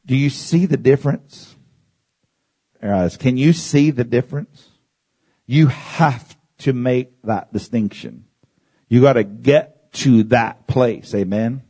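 A man's voice: mid-range voice, a little mellow, husky. A man preaching to a congregation. He guides listeners through exercises, repeats his phrases, drops in "Amen" and calls for responses. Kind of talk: sermon teaching.

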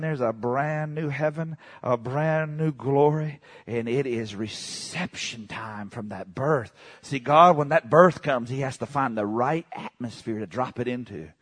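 Preaching a charismatic sermon, a male pastor swings from quiet murmurs to shouted exclamations and leads the congregation in repeating his phrases.

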